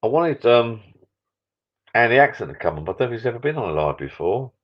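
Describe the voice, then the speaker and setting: Talking fast with big swings in his mid-range voice, a middle-aged man rambles casually on a live stream from his small indoor backyard shed bar. He's tired, a few beers in, and swears mildly, and the stream sound is dull and lo-fi.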